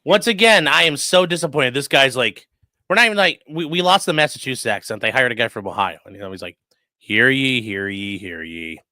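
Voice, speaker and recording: A man's voice: a little high, animated, fast talker, sharp tone, no room sound. A man who is a defense attorney, giving loose, profane, chatty live-stream commentary on a trial.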